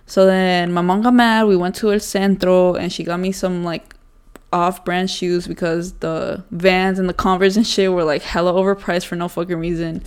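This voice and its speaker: A woman's voice: on the low side, level tone, moderate pace, clean tone. A young woman co-hosting a casual podcast, swearing freely and saying "like" constantly. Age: young adult. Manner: casual, heavy swearing, says "like" a lot. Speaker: podcast co-host. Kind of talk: casual chat.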